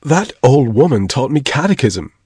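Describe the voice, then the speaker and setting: A man's voice: medium pitch, very animated, normal speed, darkish tone, slightly rough, dry recording, clean studio sound. A man voicing an anxious, stubborn young Puritan husband, speaking in an earnest, uneasy way.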